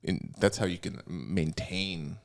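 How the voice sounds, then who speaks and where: A man hosting a podcast chats casually, rambling through his thoughts, restarting often and laughing easily. His voice is low-pitched and creaky, and his pace is slow.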